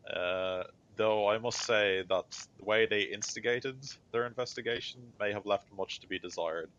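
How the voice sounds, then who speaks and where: A man voicing a composed female general who testifies at a trial in a measured, deferential way, on a dull lo-fi recording. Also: fairly low pitch, fairly even intonation, fairly bright tone, natural voice.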